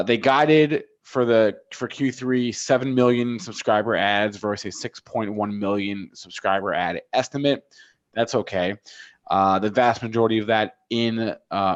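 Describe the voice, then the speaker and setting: A man hosting a live trading talk show, running through market headlines in a brisk, businesslike way. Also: lowish voice, muffled recording. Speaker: show host.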